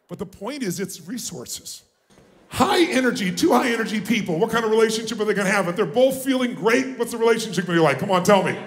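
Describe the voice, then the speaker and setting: A man giving a live motivational seminar, booming and exhorting, pushing the audience to shout answers. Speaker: motivational speaker. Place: large conference room with audience. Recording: echoey live room with faint noise.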